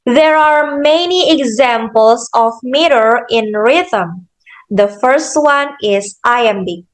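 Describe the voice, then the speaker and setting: A young woman student giving a slow, careful class presentation, explaining step by step with frequent "okay" and "so". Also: a little high, low-quality recording. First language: Indonesian. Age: young adult. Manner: deliberate, measured, with "okay" and "so".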